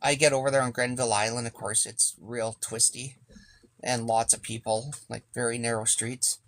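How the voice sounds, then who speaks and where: A man's voice: medium pitch, little pitch movement, normal speed, a bit bright. A man telling a casual, rambling story as a sailing vlogger, swearing freely and acting out what people said. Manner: rambling, profane, acts out quoted speech.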